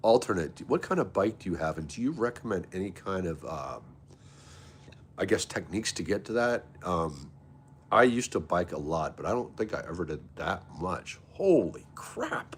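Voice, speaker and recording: A man's voice: deep voice, animated, moderate pace, a little hiss or hum. A man hosting a casual livestream, greeting viewers by name and chatting with them in a friendly way. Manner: friendly, reads chat aloud and greets viewers. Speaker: livestream host. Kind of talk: casual live chat with viewers.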